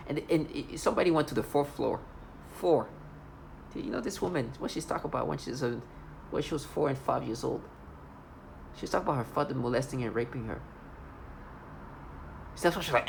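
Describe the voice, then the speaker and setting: Low-voiced woman ranting, agitated and accusatory. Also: expressive, fairly quick, gravelly, long pauses, darkish tone, slight background noise. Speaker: video blogger. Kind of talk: angry monologue to camera.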